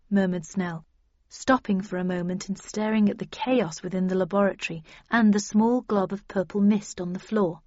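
A woman giving a steady scripted audiobook narration in the first person. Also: medium pitch, moderate pace, dry recording. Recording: dull lo-fi dry recording.

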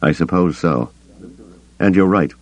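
Man doing a quiet, thoughtful young knight. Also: low voice, voice pushed up. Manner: quiet, measured questions. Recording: dull lo-fi cassette tape.

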